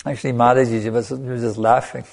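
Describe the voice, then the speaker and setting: A man giving a sermon as a spiritual teacher, stressing points by repetition and letting a soft "you see" trail off after them. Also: medium pitch, little pitch movement, fairly quick, creaky. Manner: emphatic, repeating phrases for stress.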